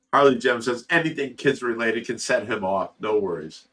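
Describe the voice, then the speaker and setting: A man's voice: medium pitch, a little slow, fairly bright tone, distant mic. A middle-aged man hosting a livestream, reading chat aloud and giving blunt, profane, earnest fatherly advice.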